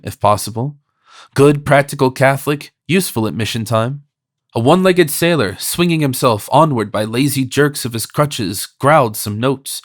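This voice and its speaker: A man narrating a classic novel as a measured, even audiobook reading. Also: mid-range voice, no echo, studio quality. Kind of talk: scripted narration.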